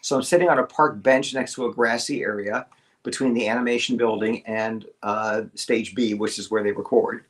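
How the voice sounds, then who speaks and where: A middle-aged man, a guest voice actor, telling a casual anecdote over a video call and acting out the quotes and squeaks. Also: normal speed. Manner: animated storyteller, acts out quotes and squeaks.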